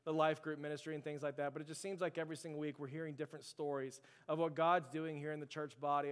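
A man's voice: on the high side, clear, resonant tone. A man preaching a sermon as pastor, building his points with rhetorical questions. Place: church sanctuary. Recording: long hall reverb.

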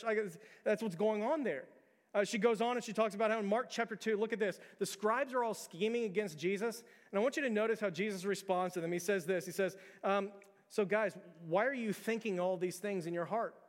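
A man's voice: high-pitched, a little fast. A man in his thirties preaching a sermon, conversational and repeating words, building to emphatic peaks. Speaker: pastor. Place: church sanctuary. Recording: long church hall reverb.

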